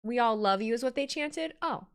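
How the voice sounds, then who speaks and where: A woman's voice: on the high side, lively intonation, moderate pace. A woman live-streaming her reaction to a wrestling show, chatting casually, laughing often and reading viewer messages aloud.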